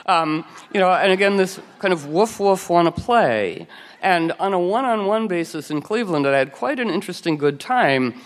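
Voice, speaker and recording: A woman's voice: on the low side, expressive, fairly quick, few pauses. Playful, chatty woman storyteller with a meandering delivery, recorded with long reverb. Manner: rambling, playful, full of "you know" and restarts. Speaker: radio show host, telling anecdotes as a guest. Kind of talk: casual storytelling chat.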